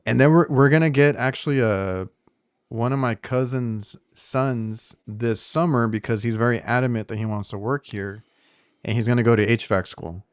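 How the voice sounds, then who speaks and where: A man's voice: mid-range voice, moderate pace, clean tone, no echo, clean studio sound. An American man co-hosting a casual podcast, a working HVAC technician who talks in a loose, rambling way with frequent restarts. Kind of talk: casual chat.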